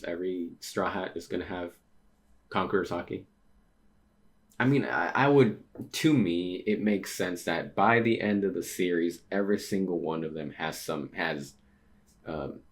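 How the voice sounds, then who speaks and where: A man casually reading through manga chapters and commenting as he goes, talking in a loose, rambling way with lots of fillers and restarts. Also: low-pitched.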